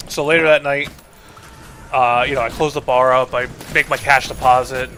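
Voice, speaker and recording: A man chatting while he streams a game. His voice is bright and forward, and he rambles through a story packed with swearing and filler words. He jumps in and out of voicing each person in the story as he goes. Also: mid-range voice, steady tone, normal speed, soft background music. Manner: rambling, profane, leans heavily on 'like'; acts out both sides of quoted exchanges. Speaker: streamer and host. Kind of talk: casual storytelling while gaming.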